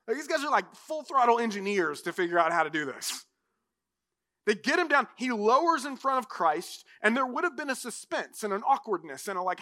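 A man pastor preaching a sermon in an animated, conversational way, often filling in with "like". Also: very high voice, fairly quick.

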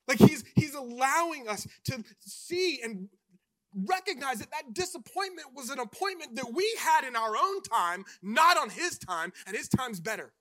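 A man preaching a sermon with passion, swinging between hushed, intimate lines and loud emphatic ones. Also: extremely high pitch, lively intonation, moderate pace. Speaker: pastor.

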